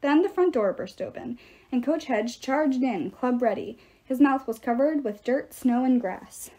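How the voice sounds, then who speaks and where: Expressive woman reading a novel aloud. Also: high voice, unhurried. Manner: expressive, dramatic narration. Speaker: audiobook reader.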